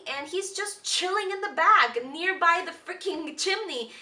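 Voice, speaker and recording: A woman casually reviewing a cartoon episode, rambling with ums and restarts, and briefly quoting characters in high playful voices. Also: animated, moderate pace, sharp tone, recorded from a distance. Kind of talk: casual commentary.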